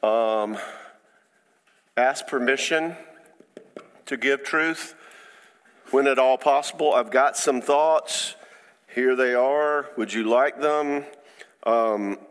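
A man speaking as a counselor, giving an informal faith-based teaching talk in a conversational, halting way with frequent restarts. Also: mid-range voice, clean tone, long reverb tail.

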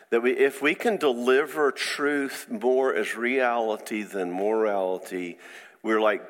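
A man speaking as a counselor, giving an informal faith-based teaching talk in a conversational, halting way with frequent restarts. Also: fairly low pitch, fairly bright tone, long reverb tail.

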